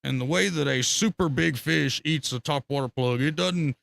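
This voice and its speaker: A man's voice: a little high, normal speed, gravelly. A man telling rambling, profane fishing stories on a casual live stream. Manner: rambling, profane, animated storytelling with laughter.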